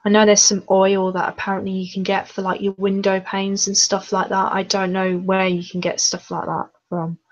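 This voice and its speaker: A woman's voice: mid-range voice, flat delivery, moderate pace, hardly any pauses. Chatty woman on a dull video call. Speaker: channel host. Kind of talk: casual video-call chat.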